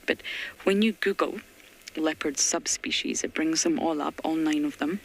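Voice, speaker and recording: A woman safari guide talks quietly and chattily on a live game drive, often slipping into a breathy half-whisper. Her voice has a gravelly, creaky edge. Faint outdoor hiss and bush ambience sit behind her. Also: low voice, poor audio. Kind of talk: live wildlife commentary.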